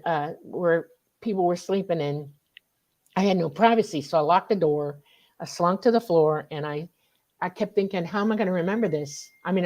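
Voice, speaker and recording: A middle-aged woman, telling a personal story in an excitable way and acting out quoted lines with big jumps in pitch. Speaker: guest recounting an experience. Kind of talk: animated storytelling.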